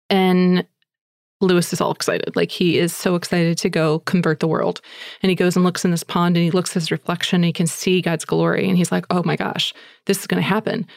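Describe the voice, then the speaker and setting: A woman with a low, gravelly voice recounts a tale in a casual, chatty flow, full of little fillers. The sound is close and dry, with no room around it. She comes across as an eager podcast host telling a story to her listeners. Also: darkish tone, no room sound. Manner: chatty, breathless, with fillers like "like" and "you know".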